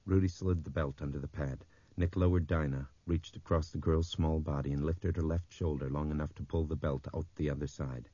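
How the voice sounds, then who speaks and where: Very deep, husky male audiobook narrator. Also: steady tone, fairly quick, dark tone, dry recording, dull audio.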